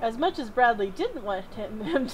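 A woman's voice: a little high, very animated, moderate pace, music in the background, rough recording. A woman reading a visual novel aloud as co-host, giggly and casual. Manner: giggly, reads narration aloud.

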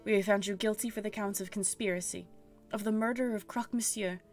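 A bitter young woman bent on revenge, voiced by a woman reading the game aloud. She sounds accusing and cold, at a plain middle pitch. Faint music plays under her. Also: steady tone, fast, darkish tone, close to an everyday voice.

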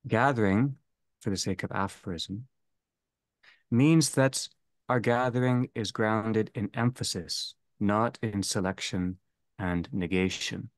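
Man, low voice, dry close sound, theology lecture, measured and repetitive phrasing. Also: dry recording. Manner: slow, deliberate, restates each phrase. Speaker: seminar leader.

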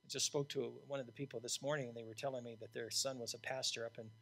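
An older man, an interim pastor, preaching a sermon in a blunt, emphatic way that swings from loud to hushed. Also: mid-range voice, steady tone, fast talker, creaky, husky.

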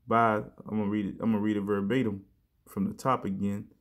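A man giving a casual sermon, talking in a loose conversational way, often saying "man" and "you know", and reading verses slowly with emphasis. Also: on the low side, flat delivery. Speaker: preacher.

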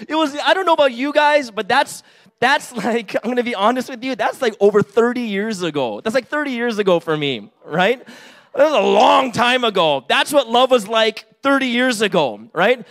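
A man's voice: very high voice, fairly bright tone. A man in his forties giving a casual sermon with personal stories, chatty and full of "right?" asides. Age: 40s. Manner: chatty, many fillers and "right?" asides, acts out quotes. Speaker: pastor.

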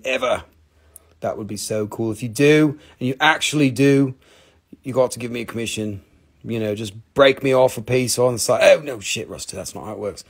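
Guy rambling thru a live rock sale, jokey, cusses a lot, mid pitch. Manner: rambling, joking, swears freely. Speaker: host selling rocks on a live show. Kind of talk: casual live sales stream.

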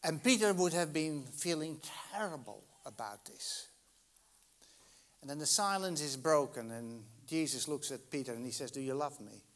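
A man preaching a sermon as pastor, telling a story dramatically with big swings between loud and soft. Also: lively intonation. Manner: dramatic storytelling with wide swings in loudness and pitch; slow, deliberate delivery with long pauses.

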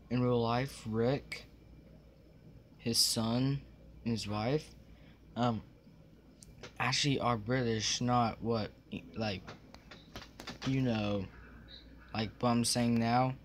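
A young male vlogger talks casually to his camera in a small room, his thoughts scattering as he forgets where he was, with many ums and restarts. His ordinary mid-pitched voice is steady and slow, with frequent pauses, over a faint hum of room ambience.

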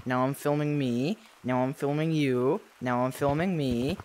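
A man streaming a video game, chatting casually and excitably with friends. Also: mid-range voice, measured pace, slight background noise. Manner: excitable, yelps and laughs, lively. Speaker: gaming streamer. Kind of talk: casual gameplay chat.

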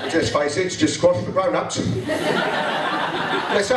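A man doing a stand-up comedy routine, blunt and sweary, acting out office characters in quick voices. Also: high-pitched, lively intonation, heavy background noise. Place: live venue with audience laughter. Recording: echoey live room, mic picked up from a distance, crowd audible.

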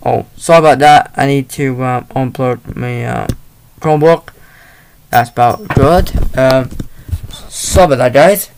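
A man giving a casual movie review, retelling the plot in a halting, rambling way into a laptop mic. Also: medium pitch, creaky, noisy background.

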